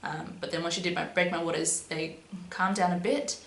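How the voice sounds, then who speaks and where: In an echoey room with a faint background hum, a young vlogger chats through a personal story at a moderate pace. Her low-leaning voice has vocal fry, a fairly bright tone, and fairly even intonation, filled out with frequent "um"s and "but yeah"s.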